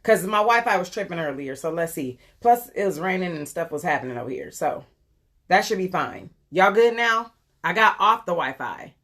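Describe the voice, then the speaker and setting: A woman in her forties speaks at normal speed with lively intonation and a fairly low, somewhat bright voice. As a beauty vlogger streaming a live makeup tutorial on her phone camera, she rambles casually with lots of ums, answering viewers.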